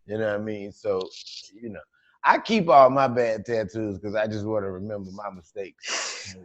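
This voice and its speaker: A man hosting a casual comedy chat, joking and excitable, swearing freely. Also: fairly low pitch, normal speed, highs cut off. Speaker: show host.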